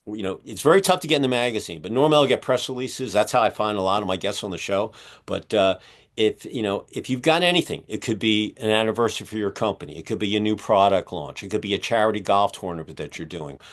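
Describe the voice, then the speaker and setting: A man hosting a podcast interview, talking in a rambling, energetic way with many fillers, his voice going hoarse as he keeps clearing his throat. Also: on the low side. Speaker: podcast host and magazine publisher. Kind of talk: casual interview chat.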